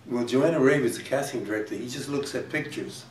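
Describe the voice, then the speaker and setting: A man hosts a casual interview, telling stories in a rambling, halting way full of restarts. His voice sounds a few feet from the mic in a reverberant room, with a faint wash of ambient noise. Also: mid-range voice, far from the mic. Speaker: talk show host.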